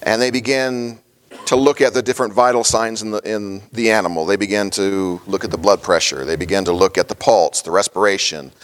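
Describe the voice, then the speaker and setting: A man's voice: fairly low pitch, fairly even intonation, fairly quick. A middle-aged man, a pastor, preaching a sermon in a folksy storytelling way, with many fillers and small chuckles.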